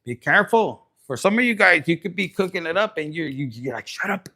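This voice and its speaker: A man's voice: fairly high pitch, animated, fairly quick, vocal fry, sharp tone. A man giving a raunchy, joking live tarot reading, slipping in Spanish. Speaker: tarot reader.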